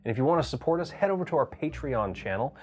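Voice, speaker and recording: A man's voice: medium pitch, expressive, fast talker, darkish tone. A man hosting a tutorial, explaining voice acting techniques with enthusiasm. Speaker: channel host teaching voice acting.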